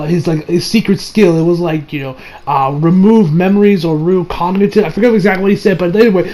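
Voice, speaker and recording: A man's voice: high-pitched, darkish tone, rough recording. A man casually recapping an anime episode, rambling with many fillers and briefly acting out the characters' lines. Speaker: anime reviewer.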